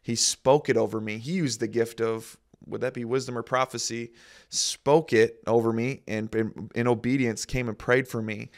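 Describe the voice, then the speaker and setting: A man's voice: medium pitch, steady tone, moderate pace. A man in casual faith talk, telling a personal story in a rambling, self-interrupting way.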